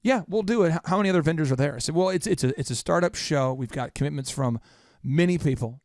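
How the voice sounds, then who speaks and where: A man hosting a podcast, telling a story in a quick, animated, self-mocking way. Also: fairly high pitch, dry recording, studio quality. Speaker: podcast host. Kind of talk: storytelling in casual chat.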